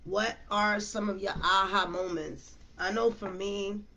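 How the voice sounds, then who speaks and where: Gravelly-voiced woman chatting through a tarot reading. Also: medium pitch, steady tone, unhurried, sharp tone. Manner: chatty, slangy, addresses viewers as y'all. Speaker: tarot reader. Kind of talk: casual tarot reading livestream.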